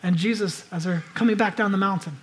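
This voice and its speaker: A man preaching a sermon, moving between loud urgent exhortation and hushed, reflective passages. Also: high-pitched, fairly quick. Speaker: pastor.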